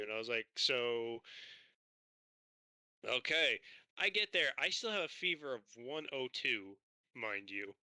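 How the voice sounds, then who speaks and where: Animated, bright-voiced swearing storyteller man. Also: medium pitch, moderate pace, clean tone, dry recording. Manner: animated, swearing storyteller who acts out both sides of conversations. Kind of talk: casual chat.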